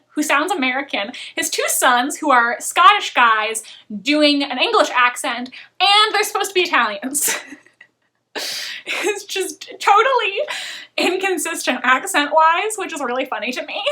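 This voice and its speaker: A woman's voice: high voice, pushed and bright. A young woman vlogger chatting casually and often laughing as she talks about shows she watched. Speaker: video blogger. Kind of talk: casual chat.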